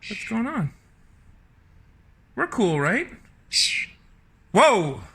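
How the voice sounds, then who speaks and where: A man talking casually outdoors on his home deck, exasperated and full of mock-tough bravado, often shouting. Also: sits high, sing-song, extremely slow, creaky, slight background noise. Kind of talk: casual talk to a bird.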